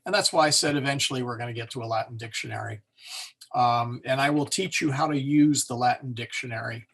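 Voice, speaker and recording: A man leads a Latin class over a computer mic, thinking aloud and correcting himself as he goes. His pitch sits in the middle range, and he chuckles at his own small slips. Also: fairly quick, gravelly, fairly bright tone, breathy edge. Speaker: Latin teacher. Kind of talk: online class lecture.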